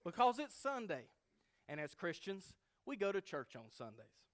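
An exasperated mother counts off her reasons to her grown son in an insistent, pitched-up voice, as a male preacher acts her out. She pushes loudly, point by point, in a storybook illustration. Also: big pitch swings, moderate pace.

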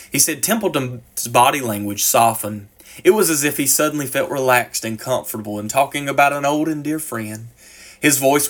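A man preaching in an ordinary mid-range voice. He reads aloud with building intensity, climbing high and loud on quoted words. He sinks to quiet, slow pleading at his appeals. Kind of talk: sermon.

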